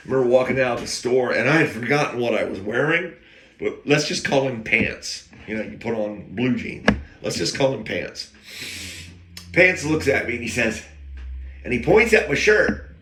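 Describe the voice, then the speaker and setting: A man's voice: medium pitch, lively intonation, normal speed, a bit bright. A man casually telling an anecdote, rambling with wry, self-aware digressions. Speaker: storyteller. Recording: echoey room.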